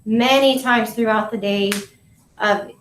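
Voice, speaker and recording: A woman grammar school teacher walking parents through a spelling lesson, sounding out syllables and letters slowly and deliberately. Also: a little high, steady tone, roomy sound, recorded from a distance, slight background noise, poor audio.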